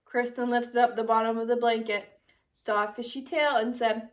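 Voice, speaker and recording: A young woman teacher reading a silly picture book aloud to children, with animated, expressive storytelling. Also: a little high, normal speed, far from the mic.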